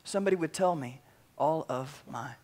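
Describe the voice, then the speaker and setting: A man's voice: moderate pace, a little mellow, close to an everyday voice. A man voicing a panicked, awestruck Roman governor within a sermon, rambling and breathless. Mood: pondering. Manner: breathless, rambling, high-pitched when shocked. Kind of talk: sermon storytelling.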